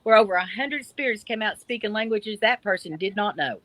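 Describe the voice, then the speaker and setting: A woman's voice: medium pitch, lively intonation, fairly quick, fairly bright tone, dry recording, low-quality recording. A middle-aged woman from the Appalachian Mountains with an Appalachian accent, a guest on a video call, talking bluntly and emphatically. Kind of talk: casual chat.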